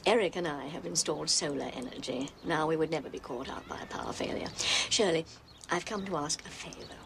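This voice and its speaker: Condescending neighbour, affected and gushing, film soundtrack with noise. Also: female voice, low-pitched, brisk, creaky. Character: snobbish, bragging upper-class neighbour woman.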